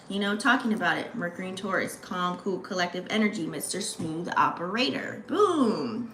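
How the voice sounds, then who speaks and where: Bright-voiced woman giving a slangy astrology reading. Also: fairly low pitch, lively intonation, moderate pace, hardly any pauses, a little hiss or hum. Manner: slangy, chatty, addresses viewers directly. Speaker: astrology channel host. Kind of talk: casual astrology reading to camera. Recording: echoey room.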